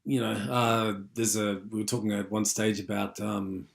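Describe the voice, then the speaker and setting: A man's voice: on the low side, flat delivery, normal speed, gravelly. A man giving an unscripted university lecture, rambling with many fillers and restarts.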